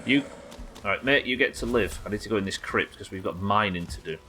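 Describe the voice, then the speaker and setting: A man's voice: lowish voice, brisk, sharp tone. A young English man chatting casually and rambling while streaming a game, swearing now and then. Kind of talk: casual live-stream chat while gaming.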